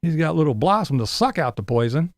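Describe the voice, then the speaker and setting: A man's voice: a little high, sing-song, brisk, dry recording, studio quality. A man giving a sarcastic, profane commentary rant as a vlogger.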